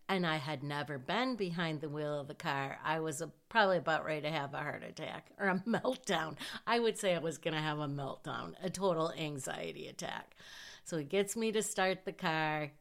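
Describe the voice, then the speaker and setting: A woman's voice: on the low side, a bit bright, clean tone. A middle-aged woman from Michigan telling a casual personal story, self-deprecating and often laughing as she talks.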